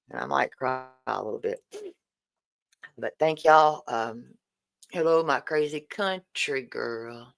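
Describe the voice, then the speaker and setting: Woman in her 40s, livestream host, slow unhurried delivery, emotional and grateful. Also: low-pitched, low-quality recording. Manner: warm, emotional, repeatedly thanking viewers. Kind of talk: casual livestream fundraiser chat.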